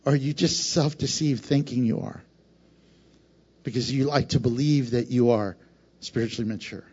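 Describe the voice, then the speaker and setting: A man preaching a sermon, swinging between emphatic loud lines and hushed, quieter passages. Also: mid-range voice, normal speed, breathy edge. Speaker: pastor. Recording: dull lo-fi sound.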